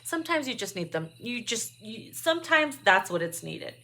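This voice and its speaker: A woman's voice: on the high side, very animated, moderate pace, sharp tone, a little hiss or hum. A woman doing a casual tarot card reading, blunt and profane, laughing often. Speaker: tarot reader.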